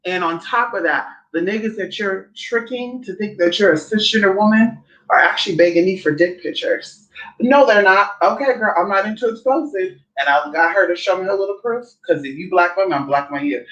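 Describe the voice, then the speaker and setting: A woman's voice: medium pitch, brisk, a bit bright, lo-fi sound. A woman hosting a casual chat, sassy and blunt, who often acts out other people's voices when she quotes them. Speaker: host.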